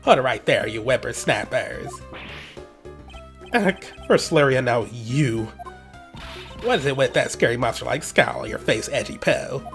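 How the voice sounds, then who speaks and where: A man's voice: mid-range voice, animated, measured pace, pauses often, fairly bright tone, faint music behind. Man voicing a nagging old lady, whiny, melodramatic, lovestruck, game dialogue read aloud. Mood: gushing. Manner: whiny, gushing, dramatic.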